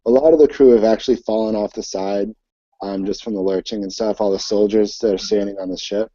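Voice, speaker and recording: A man narrating a tabletop game as game master, halting and full of fillers. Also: on the low side, steady tone, dark tone, no echo. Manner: hesitant, many fillers. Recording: dull lo-fi recording.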